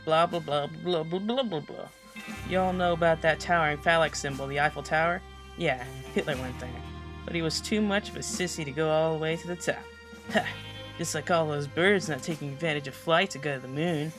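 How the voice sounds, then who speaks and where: A man's voice: fairly high pitch, brisk, music in the background. A teenage boy narrating a school presentation as a comedic voice-over, full of sarcastic, mocking asides. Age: teens. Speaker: student presenter.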